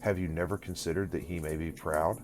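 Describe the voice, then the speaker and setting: A man voicing a plain, earnest young village woman who speaks steadily and quietly reproaches. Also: low voice, fairly even intonation, a little fast, a little hiss or hum, close to an everyday voice. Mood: steady.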